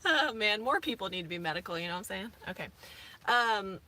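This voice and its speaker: A woman's voice: medium pitch, fast, bright, forceful tone. A woman in her thirties, rambling casually with many fillers as a vlogger from inside her camper van. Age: 30s. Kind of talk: casual chat.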